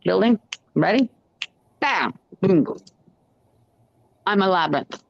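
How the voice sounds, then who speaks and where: A man's voice: high voice, very animated, slow, creaky, no echo. A man ranting in a rambling, profane stream of consciousness, sometimes slipping into sing-song chanting. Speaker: ranting monologuist. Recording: dull lo-fi dry recording.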